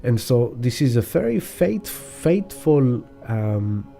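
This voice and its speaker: Mellow-voiced man teaching astrology. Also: medium pitch, sing-song, slow, gravelly, soft background music. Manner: rambling, swears casually, acts out examples. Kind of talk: spiritual teaching monologue.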